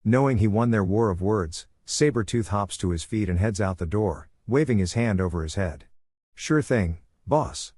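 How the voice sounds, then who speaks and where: A man narrating a fan fiction story in a steady, even reading. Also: lowish voice, normal speed, few pauses, no echo, studio quality. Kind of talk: scripted narration.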